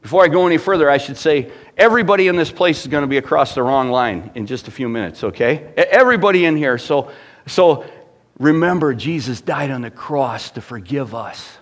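A man's voice: mid-range voice, animated, a little fast. A middle-aged man preaching a sermon with rising fervor and asking the congregation rhetorical questions. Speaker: pastor.

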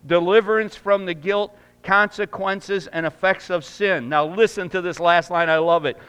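A man preaching a sermon in a church, emphatic and rising loud, then praying in a hushed voice. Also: sits high, smooth. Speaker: pastor. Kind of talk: sermon and closing prayer. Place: church sanctuary.

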